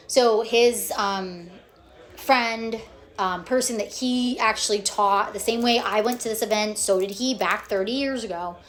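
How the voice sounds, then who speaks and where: A woman vlogger telling her own story in casual, animated chat, often checking in with "okay?" and "like". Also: mid-range voice. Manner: animated, acts out quotes, frequent "okay?" and "like".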